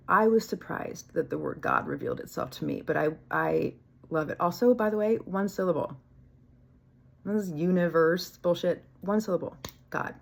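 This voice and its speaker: Candid gravelly-voiced woman vlogger. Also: on the low side. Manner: candid, rambling, swears freely, laughs at herself. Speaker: spiritual vlogger. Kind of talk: casual spiritual vlog monologue.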